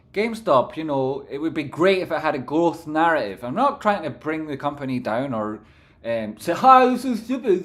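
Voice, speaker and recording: A man commentating stock charts on a live stream, rambling and swearing casually while reading out viewer messages. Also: fairly high pitch. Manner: casual and profane, reads chat aloud; rambling, animated.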